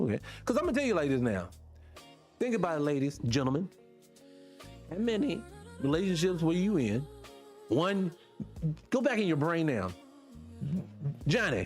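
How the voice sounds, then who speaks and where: This morning radio host is a man whose voice is fairly high and a little mellow. His casual talk comes across as blunt and preachy, aimed directly at the audience.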